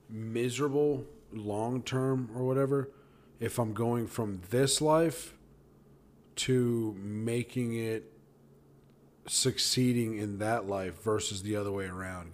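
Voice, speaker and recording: A young man in casual conversation, retelling a story in a loose, rambling way with restarts and swearing. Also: mid-range voice. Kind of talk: casual chat.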